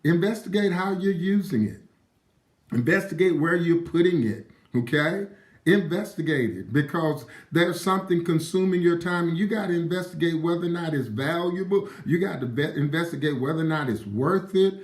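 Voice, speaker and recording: A man speaks at a middle pitch with an emphatic, preacher-like cadence, hammering home each point as he talks to his live-stream viewers and greets them by name. His voice carries the ring of an echoey room. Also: lively intonation, moderate pace. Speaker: motivational live-stream host. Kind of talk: live-streamed motivational talk.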